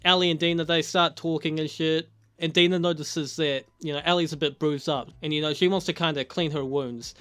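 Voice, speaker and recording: A man's voice: a little high, fairly even intonation, a little fast, pushed and bright, clear, resonant tone. A young adult man giving a casual spoken TV episode review, talking loosely, swearing a lot and laughing often. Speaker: TV show reviewer.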